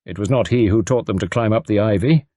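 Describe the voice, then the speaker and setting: A man voicing a fastidious middle-aged detective who speaks formally, methodically and courteously. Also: fairly low pitch, mellow, dry recording, clean studio sound, close to an everyday voice. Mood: measured.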